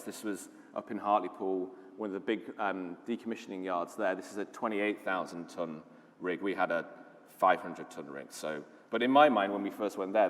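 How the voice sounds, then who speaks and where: Low-voiced british guy giving a conference talk, chatty and keen, reverb from the hall. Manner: enthusiastic storytelling, conversational with fillers. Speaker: conference speaker, lead designer.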